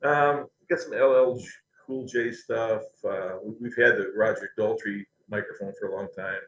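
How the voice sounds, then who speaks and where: A man's voice: on the low side, steady tone, moderate pace, fairly bright tone. A man, a company historian, telling anecdotes in an interview, chatty and laughing now and then. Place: company building. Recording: roomy echo.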